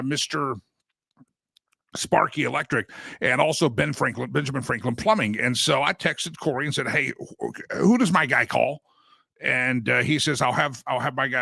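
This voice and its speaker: A man's voice: medium pitch, gravelly, pushed and bright, dry recording. A male talk show host on a live political show, ranting and getting worked up, then doing a folksy sponsor read. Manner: fiery, gets worked up, ranting.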